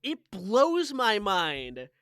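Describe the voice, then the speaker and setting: A podcast co-host making unhurried, incredulous comments in a casual conversation. The voice is bright and smooth. The recording is dry and close. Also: mid-range voice, huge pitch swings, dry recording. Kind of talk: casual chat.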